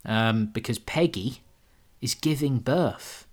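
A man's voice: mid-range voice, slow. A man co-hosting a podcast, recapping a film in casual chat with dry sarcasm, swearing and laughing as he goes. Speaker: podcast co-host.

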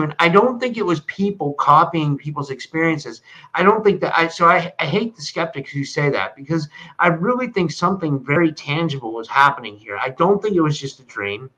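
Rambling man host, bright and lo-fi. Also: a little high. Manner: rambling, stammering, eager. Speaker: podcast host. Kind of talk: conversational interview. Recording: dull, lo-fi audio.

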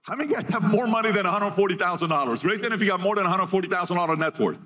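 Upbeat guy on stage pitching to a crowd, kinda high-voiced, punchy short bursts, keeps asking questions. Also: rapid-fire, sharp tone. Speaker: keynote speaker. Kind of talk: motivational keynote to a live audience.

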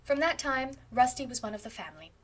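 A woman narrating a classic novel as an audiobook, reading with expressive storytelling. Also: a little high, quick pace, husky. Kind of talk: scripted narration.

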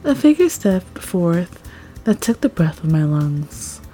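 A woman reading a first-person story aloud, expressive and rising at tense moments. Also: lowish voice, takes it slowly. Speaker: story narrator. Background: faint background music.

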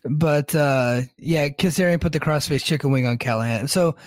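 A man's voice: fairly high pitch, normal speed, no room sound, clean studio sound. A man co-hosting a wrestling podcast, recapping events in a loose, joking way with frequent laughs. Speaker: podcast co-host.

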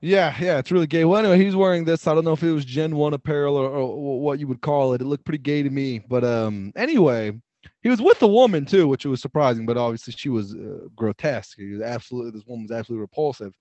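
A man's voice: medium pitch, fast talker, dark tone, no room sound, highs cut off. A young man co-hosting a casual podcast, telling crude, mocking stories and laughing often. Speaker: podcast co-host. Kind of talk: casual chat.

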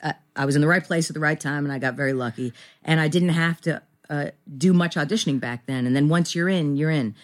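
A woman in her fifties with a low-pitched voice talks quickly. She's a guest actress on a casual podcast interview, rambling and self-deprecating, restarting her sentences many times.

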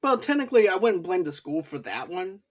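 A man's voice: high voice, very animated, fairly quick. A man co-hosting a movie review podcast, retelling scenes at length with chuckles. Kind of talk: casual chat.

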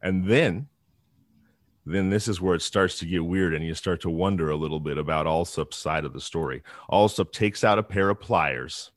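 A man's voice: deep voice, normal speed, no room sound, studio quality. A man casually telling a true-crime story, chatty, with frequent restarts and asides.

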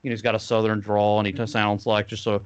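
This clip has the same cartoonist, a thirties-aged guest from New Jersey, spinning casual, filler-heavy stories on a podcast. Here he talks fast in a smooth, lowish monotone, and the recording sounds muffled.

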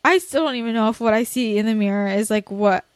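A woman's voice: a little high, fast. A young woman hosting a candid conversation, talking bluntly and ramblingly with many fillers and laughing through tears.

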